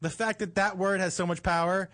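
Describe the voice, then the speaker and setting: A man co-hosting a comedy podcast, joking in casual banter and laughing often, with a husky voice. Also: sits high, steady tone, fairly quick, fairly bright tone.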